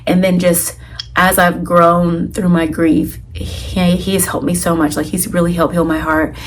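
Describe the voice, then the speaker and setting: A young woman vlogging, telling a personal story in a chatty, animated way, full of "like" and acted-out quotes. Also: fairly low pitch, unhurried, a little hiss or hum. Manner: chatty, animated retelling with lots of "like" and quoted dialogue. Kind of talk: casual storytelling to camera.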